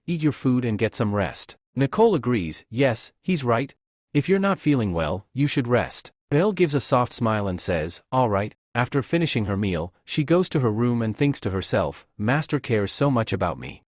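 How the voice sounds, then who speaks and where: A man narrating a comic story recap in an even storytelling read. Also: mid-range voice, normal speed, dry recording, studio quality.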